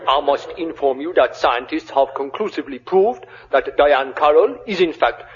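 A man's voice: a little high, lively intonation, normal speed, husky. Man playing a stiff, officious complainer. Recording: dull old radio recording in a hall.

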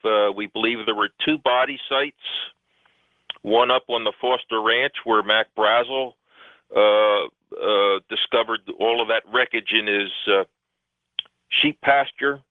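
Low-voiced male phone guest, rambling, emphatic, heard over a tinny, dry line. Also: fairly even intonation, unhurried, no echo. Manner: rambling, emphatic, many fillers. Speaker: guest researcher. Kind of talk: phone-in radio interview.

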